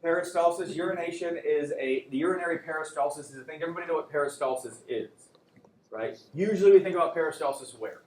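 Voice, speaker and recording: A man's voice: fairly high pitch, quick pace, darkish tone. A man teaching an anatomy class, lecturing casually, joking and quizzing his students. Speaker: anatomy and physiology instructor. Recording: echoey classroom, faint room hum.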